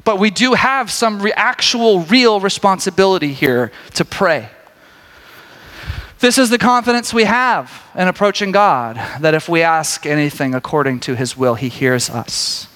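Male preacher with a bright, sharp tone, talking casually and joking with the crowd, recorded in a reverberant hall. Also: high-pitched, measured pace. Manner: conversational, animated, jokey asides. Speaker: pastor. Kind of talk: sermon.

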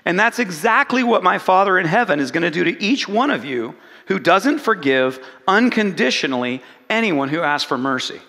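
A man with a high, bright voice preaching a sermon, acting out quoted lines as he tells the story. He keeps asking the congregation questions. His voice rings with the long reverb of a hall. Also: big pitch swings, moderate pace. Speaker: pastor.

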